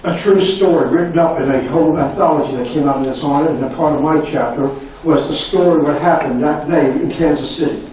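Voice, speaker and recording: An older man giving a university lecture, telling stories in an animated way and repeating his phrases. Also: fairly high pitch, brisk, recorded from a distance, a little hiss or hum. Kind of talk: anecdotal lecture storytelling. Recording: echoey room recorded from afar.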